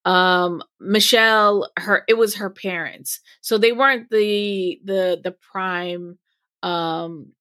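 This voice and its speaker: A woman's voice: mid-range voice, steady tone, slow, sharp tone, dry recording, clean studio sound. A woman hosting a podcast, asking questions in a thoughtful, hesitant way with many fillers. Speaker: podcast host. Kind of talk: interview questions.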